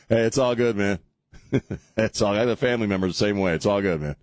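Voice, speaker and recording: A man's voice: on the low side, quick pace, darkish tone. A man hosting a radio talk show, joking, rambling and laughing as he chats in a studio. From South Texas. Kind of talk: casual radio banter. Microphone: studio microphone.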